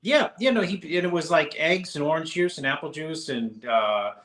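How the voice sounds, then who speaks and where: A man's voice: on the high side, animated, moderate pace, a bit bright, echoey room. A man co-hosting a podcast, telling stories in casual chat with many restarts and fillers. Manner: rambling, with frequent restarts and fillers. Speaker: podcast co-host.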